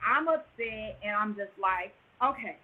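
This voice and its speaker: Woman calling in, husky tinny phone sound, tells it animated and loud at times. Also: fairly high pitch, moderate pace. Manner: animated, rises to near-shouts at tense moments. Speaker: guest telling her birth story. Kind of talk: emotional storytelling.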